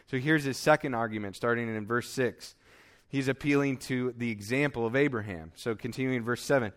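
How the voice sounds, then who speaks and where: A man preaching to his congregation in a medium-pitched voice. He tells stories by acting out both sides of the dialogue, then reads scripture aloud and explains it plainly. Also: fairly quick, a bit bright. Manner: storytelling with acted-out dialogue and scripture reading. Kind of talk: sermon.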